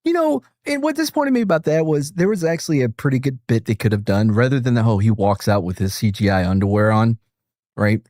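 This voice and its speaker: This medium-pitched man talks fast with big swings in pitch and a darkish tone, recorded in a clean studio with no echo. He's streaming and reacting to a video with friends, rambling casually, joking, and chuckling often.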